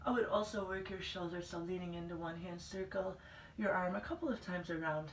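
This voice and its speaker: A woman fitness instructor talks a class through a plank workout in calm, steady cues and keeps reminding everyone to breathe. Her voice sits a little low. She is picked up from some distance in a roomy, echoing space. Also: fairly quick, slight background noise. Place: fitness center room. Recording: echoey room from a distance.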